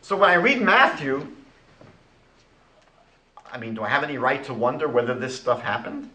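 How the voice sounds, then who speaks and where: A man giving a lecture as a rabbi, animated and rhetorical, retelling conversations. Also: medium pitch, moderate pace, reverberant, rough recording.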